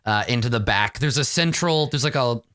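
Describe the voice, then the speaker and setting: A man's voice: mid-range voice, a little fast, a bit bright, slight background noise. A man running a tabletop game as game master, narrating in a loose, rambling way.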